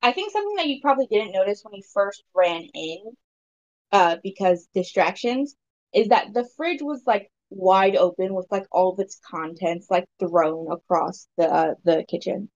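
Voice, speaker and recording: A woman's voice: medium pitch, expressive, moderate pace, muffled recording. A woman playing in a tabletop game, cheeky and blunt. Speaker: player.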